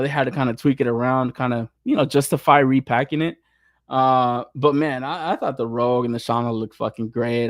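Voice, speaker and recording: Excitable swearing man, lively pitch. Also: no echo, studio quality. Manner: excitable, swears a lot, laughs often. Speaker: podcast co-host. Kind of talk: casual profane chat.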